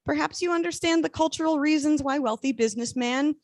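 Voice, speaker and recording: High-voiced deadpan woman comedian. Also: brisk, no room sound. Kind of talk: stand-up set on a video call. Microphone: video call.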